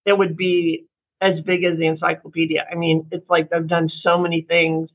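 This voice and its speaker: With a lowish voice at normal speed, a middle-aged woman from the Kansas City area, USA, shares her story as a guest in a casual interview. She's expressive, leans on fillers, and voices the people she quotes; the recording is tinny and phone-like, with faint music.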